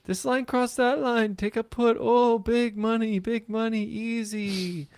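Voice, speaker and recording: A man's voice: extremely high pitch, fairly even intonation, measured pace, a little mellow, clean tone, voice pushed up. A man voicing a boastful female YouTube trader with a mock Russian accent, showy and gloating.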